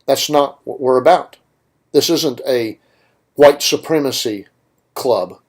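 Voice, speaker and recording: A man with a medium-pitched voice speaks slowly as he hosts a political talk radio show. His monologue is opinionated, driven by emphatic points and rhetorical questions.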